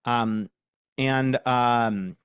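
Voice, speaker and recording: A man's voice: medium pitch, drawn-out words, clear, resonant tone, no echo. Chatty man hosting a dry-sounding live workshop. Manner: chatty, self-mocking, dictates prompts aloud. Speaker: host.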